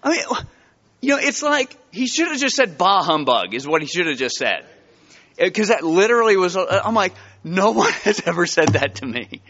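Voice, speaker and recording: A man preaching a sermon to his church, telling stories with lively, rising emphasis. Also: sits high, moderate pace, in a large hall, dull audio. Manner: animated storytelling with rising emphasis. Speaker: pastor. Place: church sanctuary.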